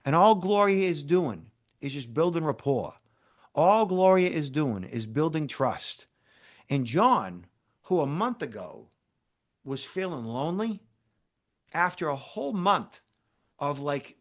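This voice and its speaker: A man, a cybersecurity expert guest in an interview, telling a story in an animated way, acting out dialogue and checking in with "okay?" and "right?". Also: fairly high pitch, a little slow.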